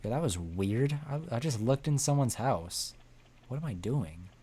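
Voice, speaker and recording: A man's voice: medium pitch, animated, measured pace, warm tone, a little hiss or hum. A tired man streaming a video game, rambling and joking in a casual way. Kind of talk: casual game livestream commentary.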